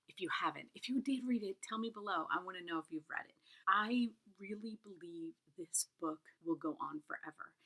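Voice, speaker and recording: A middle-aged woman talks through a book review in a loose, chatty way. She often sinks into a breathy half-whisper and sounds close to tears. Her pitch sits in an ordinary middle range. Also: fairly bright tone. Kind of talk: casual book review vlog.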